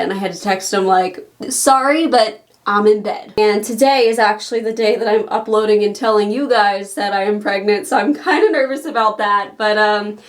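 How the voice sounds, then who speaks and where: A chatty woman talks casually to her camera, rambling through her thoughts with small laughs along the way. She sounds a little out of breath as she goes. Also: medium pitch. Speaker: vlogger.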